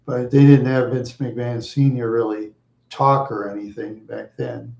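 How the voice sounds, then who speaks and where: A middle-aged man talks in a loose, rambling way, chuckling often as he drifts through asides. His voice is dark and mellow. The room around him is echoey. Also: mid-range voice, fairly even intonation, a little slow, gravelly, muffled recording. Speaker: streamer answering viewers. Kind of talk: casual rambling chat.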